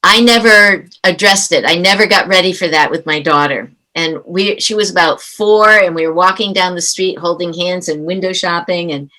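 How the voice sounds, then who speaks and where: A woman's voice: fairly low pitch, normal speed, hardly any pauses, poor audio. A middle-aged woman, a parenting coach, telling stories animatedly in a conversational interview. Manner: animated storyteller who acts out quoted dialogue.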